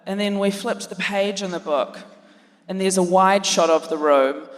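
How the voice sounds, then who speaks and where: A woman's voice: mid-range voice, moderate pace. A woman, a comedian co-hosting, telling a dry, self-mocking story on stage and acting out family voices. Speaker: comedian co-host. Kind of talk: live stand-up storytelling. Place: large theatre stage before a laughing audience. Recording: long hall reverb, audience noise.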